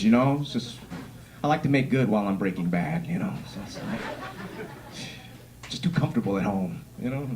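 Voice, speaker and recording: A young man doing a stand-up comedy set on a club stage, with a punchy, swaggering delivery. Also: background noise. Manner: punchy, swaggering delivery with lively pitch swings.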